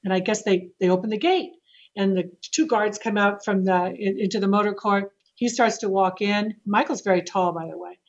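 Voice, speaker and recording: Animated storytelling woman, dull lo-fi sound. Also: medium pitch, normal speed. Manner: animated, with laughs and restarts. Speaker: real estate agent and podcast guest. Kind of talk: casual storytelling interview.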